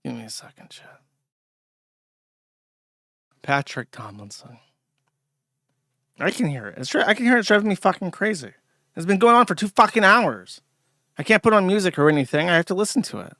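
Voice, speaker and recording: Fields: Sex: man. Role: livestream host. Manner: rambling, profane. Pitch: fairly high. Room: dry. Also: sing-song, a little fast, sharp tone, no room sound. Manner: rambling, profane, easily exasperated. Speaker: show host. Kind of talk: casual livestream commentary. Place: home in a trailer park.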